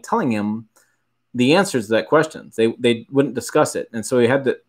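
A middle-aged man from Michigan hosting a laid-back livestream, his voice sitting at an ordinary middle pitch. He rambles through stories, stops to correct himself, and chuckles as he answers viewer questions. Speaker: livestream host.

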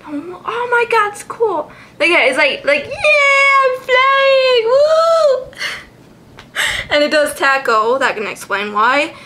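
A woman's voice: high voice, lively intonation, moderate pace, sharp tone. A young woman chatting casually as a vlogger, giggly, sounding out names and swearing freely. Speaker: card collection vlogger. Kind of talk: casual chat.

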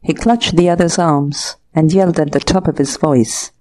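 A woman narrating an audiobook of a classic short story in a steady, measured way. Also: low voice. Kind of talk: scripted narration.

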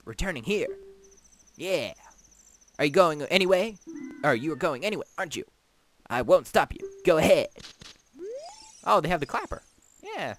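A man's voice: a little high, fairly bright tone, a little hiss or hum. Goofy man rambling over gameplay. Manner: goofy, rambling, talks to game characters. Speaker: let's play gamer. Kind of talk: casual gameplay commentary.

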